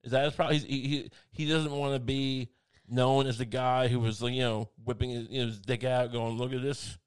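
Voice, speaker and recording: A man's voice: medium pitch, level tone, brisk, clear, resonant tone. A man in casual comedic conversation, rambling through half-finished thoughts and laughing at himself. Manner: rambling, self-mocking, lots of restarts.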